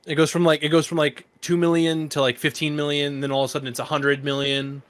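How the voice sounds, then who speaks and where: A man's voice: fairly high pitch, level tone, fast, a bit bright. A man co-hosting a gaming podcast, recapping scenes in a loose, rambling way with casual swearing. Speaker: podcast co-host. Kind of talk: casual chat.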